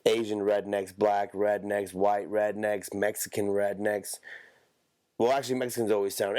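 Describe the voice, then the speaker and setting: A man's voice: lowish voice, little pitch movement, moderate pace, darkish tone, no room sound. A man hosting a podcast, talking in a rambling, profane, off-the-cuff comedic monologue. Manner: rambling, profane, self-interrupting. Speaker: podcast host.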